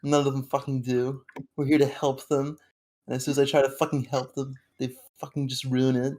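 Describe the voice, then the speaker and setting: Casting: man doing a resentful egotist, flat and monotone, swearing through a bitter rant. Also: medium pitch, a little fast, natural voice. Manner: profane, resentful ranting. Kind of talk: voice-call fan fiction reading.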